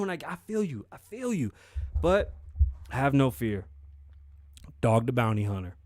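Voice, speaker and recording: A man with a mid-range voice hosts his own talk show in casual, profane commentary. He rambles, restarts and gets animated as he goes. The sound is close and dry. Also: medium pitch, no room sound. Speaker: podcast host.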